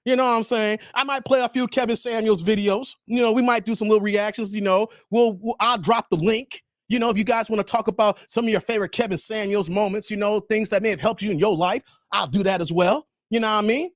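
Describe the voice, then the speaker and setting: A man, hosting a casual livestream and chatting hyped with viewers, laughing and shouting them out. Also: high-pitched, steady tone, fast talker, hardly any pauses, no echo, clean studio sound. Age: 40s. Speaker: livestream host. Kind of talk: casual livestream chat reading viewer comments.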